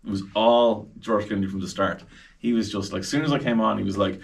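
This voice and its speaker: A man's voice: on the low side, fast talker, far from the mic. An Irish man, a radio presenter, chatting animatedly as a podcast guest about interviewing celebrities. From Ireland. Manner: chatty, animated, acts out quoted voices.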